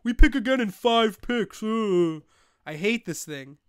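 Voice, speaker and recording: A young man speaks at a measured pace in a high, clean voice, recorded dry with studio quality. Hosting a live fantasy football stream, he comments casually, turns excitable, curses and rants out of frustration.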